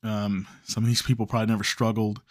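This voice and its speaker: A man's voice: on the low side, level tone, quick pace, no room sound, clean studio sound. A man from Chicago, hosting a podcast, telling a long story in a loose, rambling way, correcting himself and swearing casually. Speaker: podcast host.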